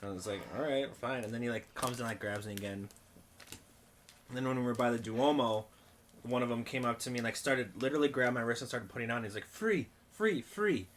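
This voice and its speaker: A man's voice: mid-range voice, fairly even intonation, fast, slight background noise. A man in a band's podcast, chatting casually and enthusiastically about travel. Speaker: band member on a podcast. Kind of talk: casual chat.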